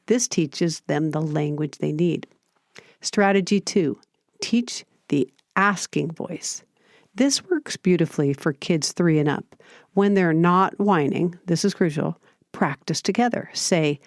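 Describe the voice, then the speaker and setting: A woman hosting a parenting podcast, giving scripted advice in a calm, steady, explanatory way. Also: lowish voice, measured pace, dry recording, studio quality. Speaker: podcast host.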